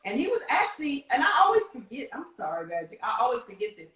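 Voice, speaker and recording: A woman from Kansas City with a Midwestern accent, a casting director telling animated stories in an interview and laughing often. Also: fairly high pitch, quick pace, reverberant, rough recording. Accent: Midwestern American. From Kansas City, United States. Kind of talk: storytelling interview.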